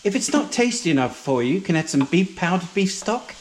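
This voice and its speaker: A man's voice: high-pitched, sing-song, brisk. A man doing a dry, teasing posh lady. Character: posh middle-aged lady, dry sidekick cook. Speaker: comic cooking co-host. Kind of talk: comic drag cooking show. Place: home kitchen.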